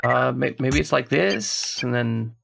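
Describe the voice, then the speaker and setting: Gravelly man puzzling aloud over a game. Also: medium pitch, animated, slow, background noise. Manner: puzzled, thinking aloud, profane asides. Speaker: streamer. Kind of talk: casual gameplay commentary.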